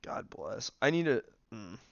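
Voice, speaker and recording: A young male streamer rambles casually through his game, loose and full of fillers. His voice has a gravelly edge, and the recording is dry and a bit dull. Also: medium pitch, very animated, unhurried, dry recording. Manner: rambling, filler-heavy, snacking while talking. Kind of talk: casual livestream commentary.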